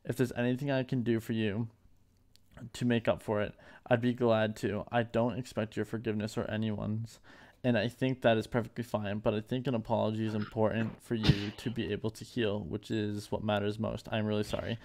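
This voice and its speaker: A man with a low voice reads a prepared statement aloud. His delivery is flat and subdued, with halting, remorseful pauses between phrases. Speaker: streamer reading a public apology.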